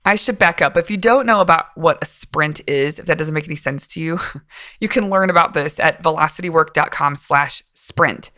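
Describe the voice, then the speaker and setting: A woman hosts a casual solo podcast from home, her fairly low voice still a little rough from the morning. She talks in an upbeat, encouraging way, like a coach cheering on her listeners. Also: normal speed, pushed and bright. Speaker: podcast host.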